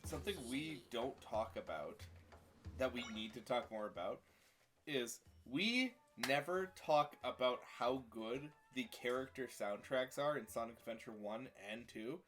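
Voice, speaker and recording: Lively bright-voiced man playing a game. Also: medium pitch, a little slow, soft background music. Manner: animated, talks back to the game while playing. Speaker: player on a live game stream. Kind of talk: casual gaming chat.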